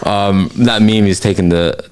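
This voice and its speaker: Man, young, lowish voice, slangy ranting, casual podcast chat. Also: steady tone, a little slow, darkish tone, clean tone. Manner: ranting, slangy, swears freely. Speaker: podcast host. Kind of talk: casual late-night chat.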